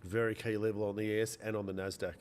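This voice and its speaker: Man, casual live-stream host, fairly low voice, repeats phrases, faint background hum. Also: level tone, quick pace, darkish tone. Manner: chatty, repeats phrases, answers chat by name. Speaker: day trading livestream host.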